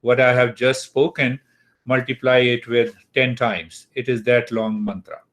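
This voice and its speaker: A man teaching an online class on mantras, speaking deliberately and checking in with his students. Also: mid-range voice, little pitch movement, fairly bright tone. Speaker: spiritual teacher.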